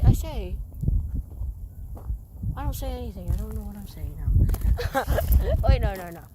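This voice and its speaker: A teenage girl hosting a casual podcast with a friend, rambling with lots of restarts and giggles. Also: fairly high pitch. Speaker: podcast host. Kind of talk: casual chat between friends. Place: outdoors. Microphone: phone. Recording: faint outdoor background noise.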